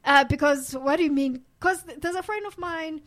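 A young woman chatting casually on air, animated and expressive, slipping isiZulu words in. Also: high voice, normal speed. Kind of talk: casual chat.

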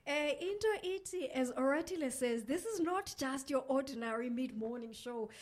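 Female radio host, higher voice, energetic studio presenter. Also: moderate pace. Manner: energetic, upbeat, lists off places with flair.

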